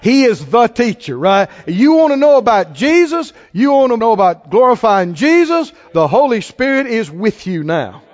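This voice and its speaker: A man's voice: extremely high pitch, sing-song, moderate pace, hardly any pauses, a little mellow. A man preaching a sermon to a congregation, leading call-and-response and asking rising questions. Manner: rising, exhorting rhetorical questions. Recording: long hall reverb, dull lo-fi sound.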